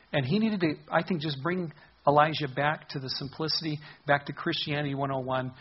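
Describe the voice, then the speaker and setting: A man's voice: mid-range voice, breathy edge, muffled recording. A man preaching a verse-by-verse Bible sermon in an earnest, conversational way, often restarting phrases and asking rhetorical questions. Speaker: pastor.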